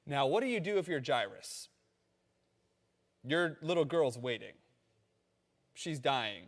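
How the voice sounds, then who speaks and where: A man preaching a sermon in a conversational, animated storytelling manner, acting out quotes along the way. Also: mid-range voice, takes it slowly, long pauses, big-room sound. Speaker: pastor.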